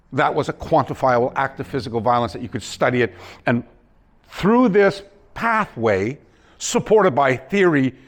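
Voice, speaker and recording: A male martial arts instructor teaching a seminar, telling anecdotes with frequent restarts and acting out his students' lines. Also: mid-range voice. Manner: storytelling, acts out quoted students, frequent restarts. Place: dojo training hall.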